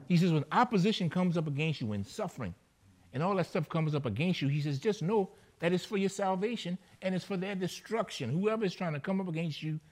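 A man preaching a sermon, repeating phrases and checking in with his listeners. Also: a little high. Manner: emphatic, repeats phrases and asks the listeners "right?".

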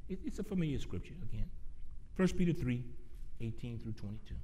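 In this sermon, a man shifts between loud, slow, drawn-out emphasis and quiet, low passages, throwing in quick jokes to the congregation. His intonation is lively.

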